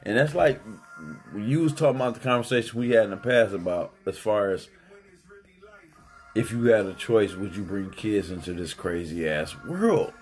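A man's voice: fairly low pitch, animated, normal speed, darkish tone, soft background music. Heated, cursing man telling a story. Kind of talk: casual chat.

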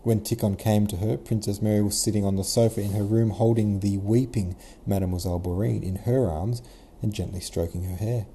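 A man narrates a novel in a relaxed, modern way, now and then correcting himself. His voice is low and mellow with a dark tone. A faint ambience hum sits in the background. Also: fairly quick, hardly any pauses. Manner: casual modern retelling, occasional self-corrections. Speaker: podcast host and audiobook reader. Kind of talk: scripted narration.

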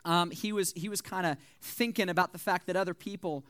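A young man preaching to a youth group, joking and conversational with lively, animated delivery. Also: high voice, a little fast, clean tone, no echo, studio quality. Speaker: youth pastor. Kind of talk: sermon.

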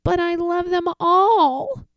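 A woman's voice: animated, a little slow, vocal fry, mellow, no echo, heavily acted. A woman doing a whiny little boy. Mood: pleading. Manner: pleading, high and theatrical.

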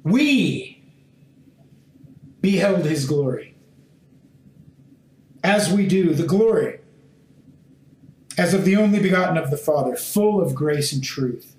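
A man teaching a sermon and reading scripture aloud, speaking in short, deliberate phrases and pressing his listeners with emphatic questions. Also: fairly high pitch, a little mellow. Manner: slow, deliberate phrasing in short measured fragments. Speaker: Bible teacher. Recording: roomy echo.

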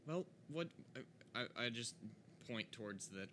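Slow, halting man at a game table. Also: mid-range voice, lively intonation, a bit bright, slight background noise. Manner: hesitant, halting. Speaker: player. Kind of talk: casual tabletop gaming chat.

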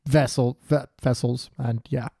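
A man's voice: medium pitch, fairly even intonation, a little slow, gravelly, warm tone, no echo, clean studio sound. A man co-hosting a casual podcast about a TV episode, joking and acting out quotes. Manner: jokey, acts out quotes in funny voices. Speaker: podcast co-host. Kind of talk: casual chat reviewing a TV episode.

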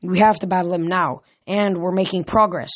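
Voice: mid-range voice, steady tone, a little fast, lightly acted. A reader voicing an irritable, grumbling male messenger god in a storybook reading. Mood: stern.

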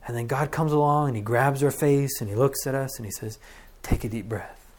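A middle-aged man preaching a sermon as pastor, earnest and conversational, acting out deep breaths. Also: fairly quick, a little mellow.

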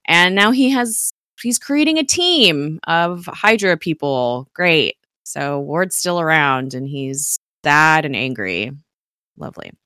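A woman with a low voice chats through a TV episode recap. She talks quickly and loosely, with plenty of fillers and small laughs. The sound is dry and close to the mic. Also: animated, pushed and bright, clean tone, no echo. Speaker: podcast co-host recapping a TV episode. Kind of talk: casual chat.

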